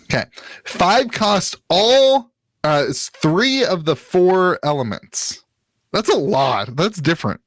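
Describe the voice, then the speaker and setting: A man's voice: a little high, very animated, unhurried, no echo. Rambling man on a card game podcast. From Ohio. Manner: rambling, filler-heavy, jokey. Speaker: podcast co-host. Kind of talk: casual chat about trading card games.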